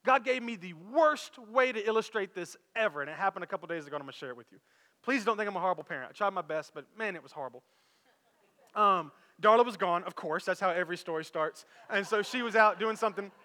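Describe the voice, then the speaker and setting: A man in his thirties, a pastor preaching a sermon, telling a lively story to his church. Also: high-pitched, fast, long reverb tail. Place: church auditorium.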